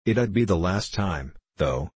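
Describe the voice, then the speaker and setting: A man doing a quietly furious young man. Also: low voice, expressive, unhurried, husky, no room sound, exaggerated voice. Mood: quiet rage. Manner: quiet and intense. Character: angry young man defending his mother.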